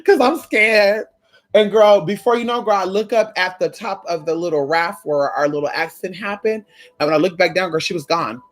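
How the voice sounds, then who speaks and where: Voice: mid-range voice, normal speed. A profane, chatty spiritual vlogger. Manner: profane, animated, talks straight to viewers; storytelling with frequent "girl", "honey", "y'all". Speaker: spiritual content creator. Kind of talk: casual chat to viewers.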